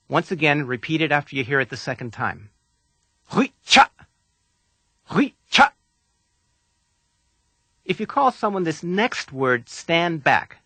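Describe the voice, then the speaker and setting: Male instructor, scripted lesson read, patient and deliberate, bright tone, dry booth sound. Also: a little high, dry recording. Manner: calm, deliberate, patient coaching. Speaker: language instructor.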